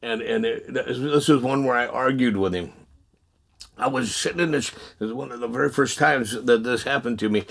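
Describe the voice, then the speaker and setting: A man telling his testimony in a casual, animated way, often laughing and acting out the dialogue. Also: medium pitch, moderate pace, creaky. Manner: animated, laughing storyteller who acts out dialogue. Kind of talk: casual spoken storytelling.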